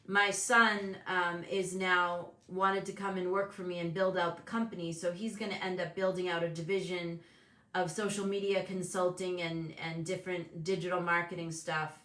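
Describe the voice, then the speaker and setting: A woman's voice: medium pitch, measured pace, sharp tone, echoey room. A woman hosting a casual motivational talk show, speaking candidly and animatedly, acting out the voices of people she quotes. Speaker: host and business coach.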